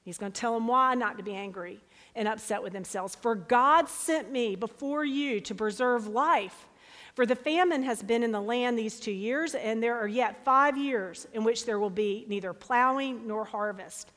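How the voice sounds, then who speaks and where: A woman preaching a sermon, reading scripture aloud with dramatic, expressive delivery. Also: a little high, moderate pace. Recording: long hall reverb.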